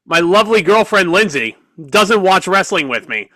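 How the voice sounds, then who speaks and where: A man's voice: high voice, big pitch swings, normal speed, bright, forceful tone, dry recording, poor audio. A young man co-hosting a podcast, chatting casually and with a bit of profanity in fan slang. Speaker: podcast co-host. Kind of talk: casual chat.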